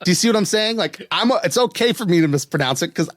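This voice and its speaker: A man's voice: high-pitched, lively intonation, fast talker, no room sound. A man from West Virginia hosting a podcast, chatting casually and amusedly, spelling words out letter by letter. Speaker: podcast host. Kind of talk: casual chat.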